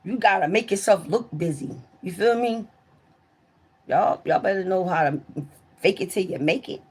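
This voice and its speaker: With a breathy edge to her mid-range voice, a woman livestreamer talks at a moderate pace about her former jobs. Her storytelling is casual and profane, frequently aimed right at viewers, and grows loud and excited when things peak.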